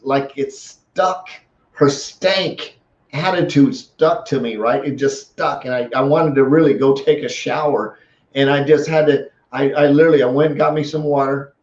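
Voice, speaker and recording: A man talks to his live audience in a casual, storytelling way. He stops and restarts his sentences often and stays animated. The sound is roomy and a little muffled, as if it was recorded in a small office. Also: a little high. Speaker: host. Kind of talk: casual live-stream talk. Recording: echoey room, dull lo-fi sound.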